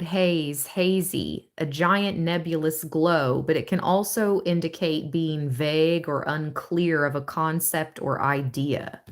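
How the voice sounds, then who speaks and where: A woman hosting a relaxed tarot reading on a live stream. She talks at an unhurried, slow pace and draws out her phrases. She chats and thinks aloud as she goes. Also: fairly low pitch. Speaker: tarot reader.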